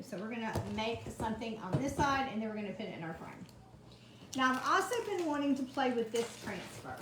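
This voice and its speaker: A woman's voice: a little high, big pitch swings, fairly quick, noisy background. A woman chatting through a live craft demonstration, greeting viewers by name from her home kitchen. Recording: echoey kitchen, faint ambience.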